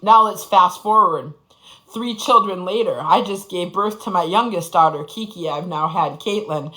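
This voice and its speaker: A woman's voice: fairly low pitch, moderate pace, sharp tone, rough recording. A woman in her forties giving an impassioned, profane personal testimony, repeating phrases for emphasis. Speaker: speaker sharing her story.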